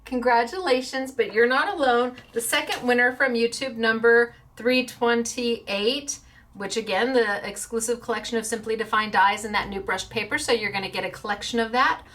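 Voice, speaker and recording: Hosting a crafting show, a woman chats casually with viewers in an earnest, emotional manner and is quick to tear up. Her voice is a little high with a fairly bright tone.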